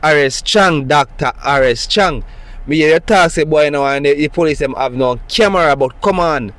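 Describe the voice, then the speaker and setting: Recounting a police stop, a Jamaican-accented man delivers a heated, emphatic monologue full of rhetorical questions. The recording is dry, and his slightly high, somewhat bright voice moves at a moderate pace.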